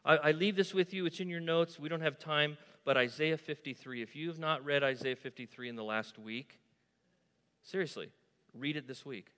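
Man preaching with bright, booming delivery. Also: normal speed. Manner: emphatic, swings from soft asides to loud declarations. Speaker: pastor. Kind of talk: sermon. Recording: long hall reverb.

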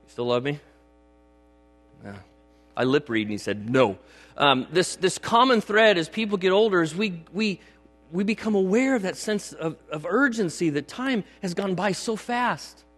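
A man's voice: high voice, expressive, normal speed, a bit bright. A middle-aged man preaching a sermon in a church, emphatic and conversational, often checking in with the congregation. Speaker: pastor. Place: church sanctuary. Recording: long hall reverb with mains hum.

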